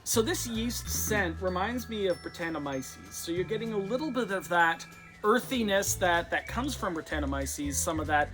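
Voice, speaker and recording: A man's voice: sits high, lively intonation, music in the background. Dry, teasing male host. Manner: dry, teasing, quick comebacks. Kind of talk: casual beer-tasting chat.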